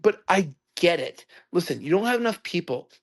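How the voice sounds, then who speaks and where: A man telling a long rambling story in a loud, ranting way. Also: high voice, very animated, normal speed. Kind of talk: ranting monologue.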